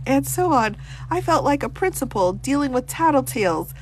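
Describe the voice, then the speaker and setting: A woman's voice: high voice, animated, a little hiss or hum, poor audio. A woman attorney hosting a live stream, reading a document aloud and reacting to chat with frequent laughter and exclamations. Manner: reads text aloud in a brisk, plain way.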